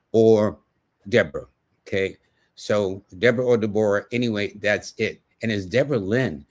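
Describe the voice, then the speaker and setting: A man with a New York accent giving live numerology readings in a folksy, conversational way, speaking to viewers by name. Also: fairly low pitch. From United States. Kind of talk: casual livestream reading.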